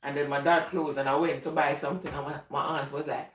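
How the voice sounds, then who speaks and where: A woman's voice: low-pitched, fairly even intonation, quick pace. A woman with a Jamaican accent telling casual, rambling stories and laughing often. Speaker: vlogger. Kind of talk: casual storytelling. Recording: echoey room, voice from a distance.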